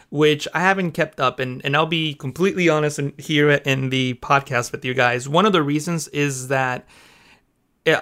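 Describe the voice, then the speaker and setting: A man's voice: mid-range voice, smooth. A man who is a guest on a podcast, chatting casually and laughing often as he tells stories. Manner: laughs often, animated storytelling. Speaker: podcast guest, YouTube creator.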